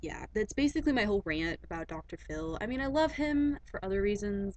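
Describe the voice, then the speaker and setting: A woman's voice: on the high side, expressive, normal speed, dry recording, low-quality recording. A teenage girl giving a casual, rambling webcam rant, chatty and full of fillers and asides. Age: teens.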